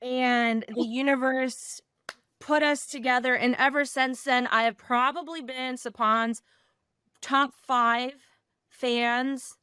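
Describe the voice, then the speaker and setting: A woman in her thirties co-hosting a podcast, telling a story in a gushing, animated way. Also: high-pitched, slow, smooth, no room sound, studio quality. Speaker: podcast co-host. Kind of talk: casual podcast chat.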